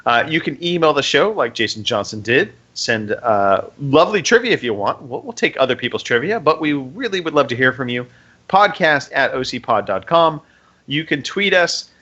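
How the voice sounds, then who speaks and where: A man's voice: mid-range voice, animated, normal speed, pushed and bright, dull audio. A man from the United States co-hosting a casual podcast, joking and rambling through the show plugs. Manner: jokey, rambling announcer reading plugs. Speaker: podcast co-host.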